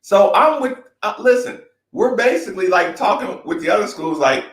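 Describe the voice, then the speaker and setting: A man's voice: sits high, expressive, moderate pace, roomy sound. A man speaking bluntly and emphatically in a candid talk-show conversation, repeating his points and swearing freely.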